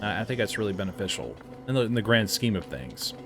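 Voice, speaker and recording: A man with a lowish voice talks through a game in a loose, chatty way, drifting off on tangents and stumbling over his words before correcting himself. It has the easygoing feel of a reviewer chatting while he plays, with faint game music underneath. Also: big pitch swings, fast talker, fairly bright tone. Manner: rambling and chatty, with frequent self-corrections. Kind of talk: casual gameplay commentary.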